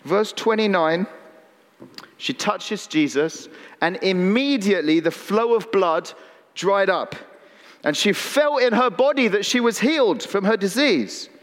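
A man's voice: high-pitched, expressive, measured pace. A man preaching a sermon in a conversational way, with playful asides and calls to the congregation. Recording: long reverb in a large hall.

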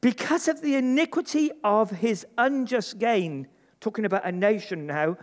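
A man's voice: high voice, normal speed. A male pastor preaching an emphatic sermon to a congregation, leading them in call-and-response. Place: church service before a congregation. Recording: long reverb of a large hall.

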